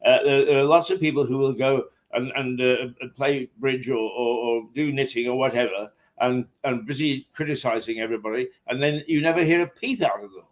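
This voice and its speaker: A man's voice: medium pitch, fairly quick, few pauses. A man hosting a casual interview, hesitant, with many fillers and restarts. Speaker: host. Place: hotel.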